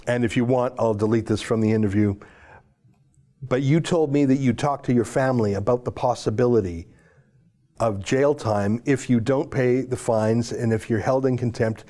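A man speaks as a show host with a mellow, dark timbre. His commentary is fervent and pleading. He moves between forceful declarations and quiet, almost whispered lines. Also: mid-range voice. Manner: emotional, pleading, swings from loud to hushed. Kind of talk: impassioned commentary.

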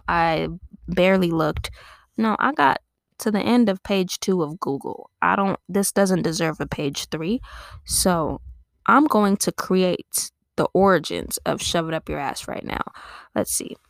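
Gravelly-voiced woman riffing crudely. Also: on the low side, unhurried, no room sound, clean studio sound. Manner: profane, rambling, playful. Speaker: podcast host. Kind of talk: casual comedic riffing.

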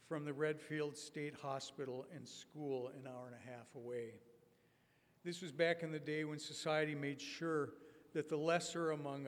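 A man in his sixties giving a prepared conference talk in a measured, wry storytelling manner with deliberate pauses. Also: fairly high pitch. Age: 60s. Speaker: conference speaker. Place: conference hall. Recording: long reverb of a conference hall.

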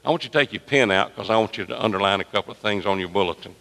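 A pastor preaching a sermon to his congregation. His voice rises and drops sharply in pitch and volume as he presses his points. The sound carries the long reverb of a large church sanctuary. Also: very fast, vocal fry, pushed and bright. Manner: emphatic preaching with wide swings in pitch and volume.

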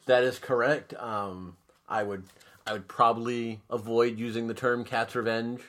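A man's voice: mid-range voice, flat delivery, measured pace, fairly bright tone. A man chatting casually as a podcast guest, rambling and hesitant with lots of fillers.

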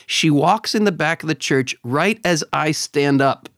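A middle-aged man co-hosting a podcast, telling stories in an animated way and repeating words when excited. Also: fairly high pitch, moderate pace, few pauses, dry recording, clean studio sound. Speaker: podcast co-host. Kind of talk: casual chat and storytelling.

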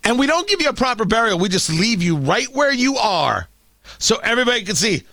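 Male talk host, sarcastic ranter, bright tense tone, dry close sound. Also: extremely high pitch, sing-song, fairly quick, dry recording. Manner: sarcastic, ranting, stammers when worked up. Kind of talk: opinion talk show commentary.

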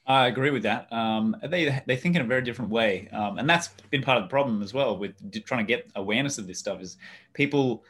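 A man's voice: mid-range voice, fast talker, fairly bright tone, breathy edge. Earnest man hosting a podcast. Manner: earnest, agreeable, hesitant fillers. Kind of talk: casual podcast conversation.

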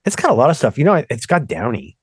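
A man's voice: medium pitch, quick pace, slightly rough, no echo, clean studio sound. A man co-hosting a podcast, rambling through casual tech chat and interrupting himself often. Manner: rambling, animated, self-interrupting. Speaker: podcast co-host.

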